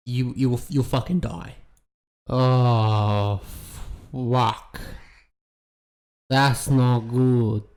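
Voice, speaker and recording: A man's voice: medium pitch, very slow, long pauses, darkish tone. A man talks through a TV episode as he watches it. His commentary is casual and rambling, blunt and full of swearing. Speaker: YouTube reaction host.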